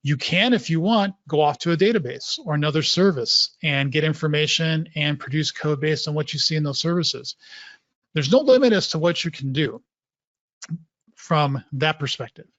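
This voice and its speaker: Male presenter, slightly raised pitch, casual technical talk, dry and slightly muffled recording. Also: moderate pace, no echo. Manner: relaxed explanatory, repeats points for emphasis. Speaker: presenter at a developer meetup.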